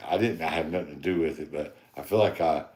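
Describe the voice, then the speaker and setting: A man's voice: extremely low pitch, fairly quick, darkish tone. A middle-aged man co-hosting a podcast in casual chat, laid-back and self-deprecating. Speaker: podcast co-host. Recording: roomy echo.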